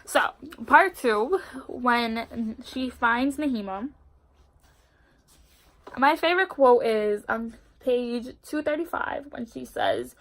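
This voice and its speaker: A young woman with a congested voice reviewing a book in casual, expressive chat. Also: fairly high pitch, slow pace. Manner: expressive and chatty, fillers like "like". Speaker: book vlogger.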